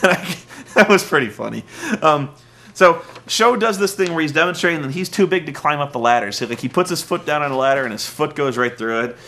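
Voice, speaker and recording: A man's voice: fairly high pitch, lively intonation, brisk, a bit bright. A man giving a casual, sarcastic comedy recap of a wrestling show, ranting and poking fun. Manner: sarcastic, ranting, mocks wrestlers with silly voices.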